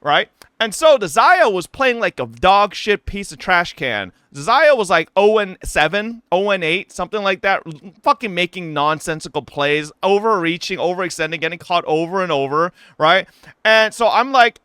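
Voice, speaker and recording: A man's voice: high voice, sing-song, moderate pace, sharp tone, smooth, dry recording, studio quality. A young man streaming, telling a profane gaming story to his chat in a casual ranting way, full of "right?" tags.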